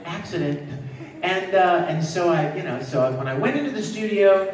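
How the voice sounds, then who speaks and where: A man, a voice actor, telling a lively anecdote on a convention panel and acting out voices. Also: high-pitched, normal speed, a little hiss or hum. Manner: animated, acts out voices. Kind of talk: storytelling anecdote to a live audience. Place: large convention hall. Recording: echoey hall, distant mic, faint ambience.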